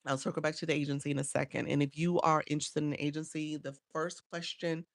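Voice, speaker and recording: Woman, live stream coach, casual and repetitive, gravelly tone, dry phone sound. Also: sits low, little pitch movement, fast talker, dry recording. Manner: chatty, repeats herself, answers viewers by name.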